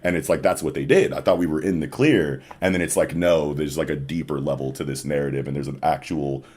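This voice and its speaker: A man on a casual podcast, excitedly retelling a story and dropping into low murmurs. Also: fairly quick, husky. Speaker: podcast co-host.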